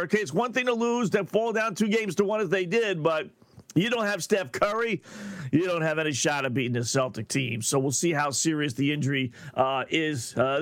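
A man's voice: a little high, no echo. A middle-aged man hosting a sports betting radio show, talking in a brash, sarcastic, rambling monologue.

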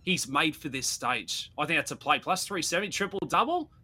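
A man's voice: fairly high pitch, expressive, a little fast, bright, forceful tone, slightly rough. A man with a Scottish accent, bantering casually about sports as a radio host and calling people mate.

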